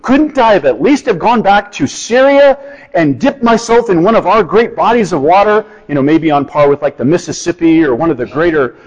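A man's voice: sits high, lively intonation, a little fast, long reverb tail, pitched above the performer's own voice. A man voicing a proud, indignant ancient army commander who complains in an offended, huffy way. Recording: dull lo-fi sound.

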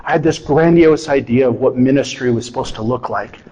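A middle-aged man delivers a sermon as a pastor, speaking conversationally rather than formally. His voice sits in a mid-range pitch, and he keeps an animated, lightly humorous tone throughout. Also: a little fast, muffled recording. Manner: conversational, animated preaching with self-deprecating humor.

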